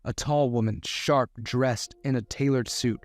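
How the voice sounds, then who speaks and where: A man's voice: mid-range voice, a little slow, no echo. Man narrating a story, dry and close. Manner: steady first-person storytelling. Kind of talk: scripted audiobook narration.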